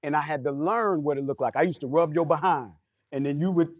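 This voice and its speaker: A man's voice: fairly high pitch, brisk, no room sound, studio quality. A middle-aged man on a discussion panel, candidly telling a personal story and acting out what was said. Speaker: panel guest.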